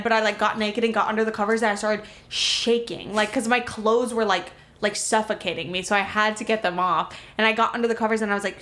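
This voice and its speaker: A woman from Miami telling a wild story in a casual podcast chat, rambling and full of filler words. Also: fairly high pitch. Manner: rambling, filler-heavy, animated retelling. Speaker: podcast co-host.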